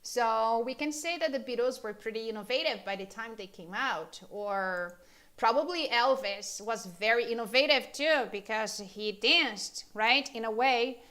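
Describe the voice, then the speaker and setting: A native Portuguese speaker from Brazil teaches a live English class, her fairly high voice bright and pushed, her pace measured. She keeps things chatty and informal, using lots of fillers and asking viewers questions.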